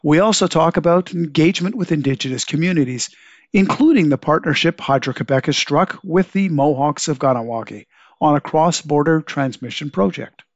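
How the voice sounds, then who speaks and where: A congested man with a slightly higher voice hosts a podcast, reading his introduction in a measured, clearly enunciated way. The recording is dry and close, with no room sound. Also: dry recording, highs cut off. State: congested from a cold. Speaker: podcast host. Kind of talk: scripted podcast intro and interview. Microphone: home setup over video call.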